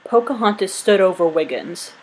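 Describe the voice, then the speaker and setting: A woman reading a children's storybook aloud in an even storytelling manner. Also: mid-range voice, moderate pace, slightly rough, poor audio. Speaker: storybook reader.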